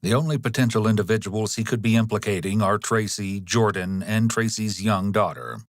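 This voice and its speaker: A man with a deep, low voice reads scripted narration. He speaks in a measured, analytical way. The sound is dry and close, with no room in it. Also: no echo. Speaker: documentary narrator.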